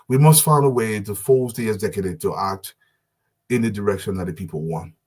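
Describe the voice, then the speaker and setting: A man's voice: fairly low pitch, a little fast, slightly rough. A man from Liberia, giving an impassioned live-stream address as a community advocate, with emphatic, repetitive rallying oratory.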